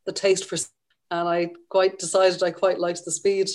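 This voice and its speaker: A middle-aged woman journalist from Ireland chats about her work as a guest, enthusiastic and full of small restarts. Her voice sits fairly low for a woman. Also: little pitch movement, moderate pace, a little mellow. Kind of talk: casual interview.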